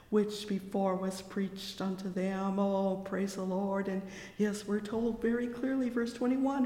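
Slow fervent preacher in an echoing hall. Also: mid-range voice. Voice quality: exclamatory, fervent, full of oh and praise the Lord. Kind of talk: sermon. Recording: echoey hall with long reverb.

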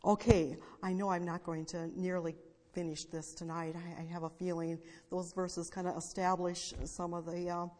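A woman's voice: fairly low pitch, level tone, moderate pace, darkish tone. A woman preaching a sermon, reading scripture aloud and explaining it plainly with small restarts. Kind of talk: sermon Bible teaching. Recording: long hall reverb.

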